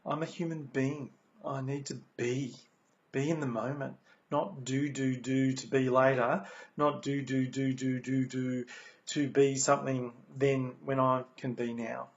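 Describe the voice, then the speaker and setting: Australian man, motivational speaker, gravelly, earnest and repetitive, muffled lo-fi sound. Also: medium pitch, level tone, unhurried. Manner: earnest, repeats key phrases, many ums. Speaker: speaker sharing recovery lessons. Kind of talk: motivational talk. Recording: dull lo-fi recording.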